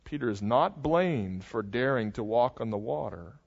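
A man's voice: medium pitch, moderate pace, gravelly. Older male pastor preaching in a reverberant church. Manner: animated storytelling, dramatizing the scene. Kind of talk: sermon. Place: church sanctuary. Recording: muffled, long hall reverb.

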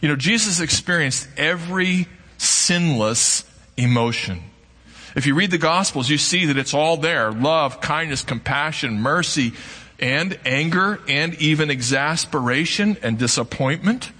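A man preaching a sermon to a congregation, earnest and emphatic, with dramatic pauses. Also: fairly high pitch, lively intonation, pushed and bright, big-room sound. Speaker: pastor. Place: church sanctuary.

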